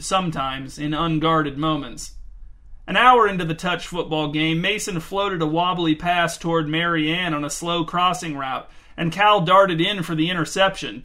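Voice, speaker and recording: A man's voice: fairly high pitch, sharp tone. A man reading a story aloud in a dry, wry narration. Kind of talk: scripted narration.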